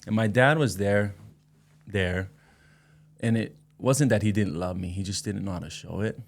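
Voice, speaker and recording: A man in his thirties speaks as a podcast guest in a low voice with a gravelly, fry-edged texture. He tells his story in relaxed, reflective slang. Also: normal speed. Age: 30s. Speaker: musician guest. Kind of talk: casual interview chat.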